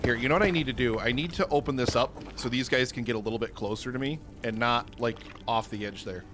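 A man hosting a gaming channel, chatting casually and excitably through his own gameplay and laughing at himself. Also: medium pitch, fast talker, noisy background. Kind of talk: casual let's-play commentary.

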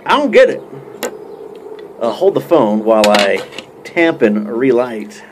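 A man's voice: mid-range voice, very animated, unhurried, noisy background. A man talking casually to camera in a joking mock roast, rambling with many fillers and restarts. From United States. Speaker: YouTube pipe-smoking vlogger.

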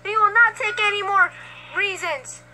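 A woman's voice: very high voice, moderate pace, a little hiss or hum, exaggerated voice. A woman voicing Luigi as a plush puppet vlog character running for president, rambling and bossy. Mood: speechifying. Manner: bossy and rambling, yelling for quiet. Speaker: vlog character giving a campaign speech.

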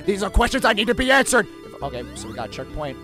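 A man hosting a let's-play reaction, jokey and excitable, breaking into shouts. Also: high voice, fast talker, soft background music. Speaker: gaming channel host.

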